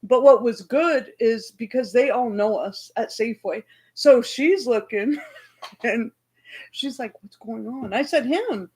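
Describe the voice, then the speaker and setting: A woman hosting a livestream, loudly and heatedly retelling an argument in casual talk. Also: fairly high pitch, measured pace, low-quality recording. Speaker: livestream host.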